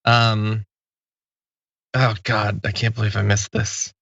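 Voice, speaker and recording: A man's voice: on the low side, flat delivery, slow pace, creaky, a bit bright, dry recording, muffled recording. A man hosting a talk show, bantering casually with his co-host, laughing often and poking fun at himself. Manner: laughs often, chatty and self-mocking.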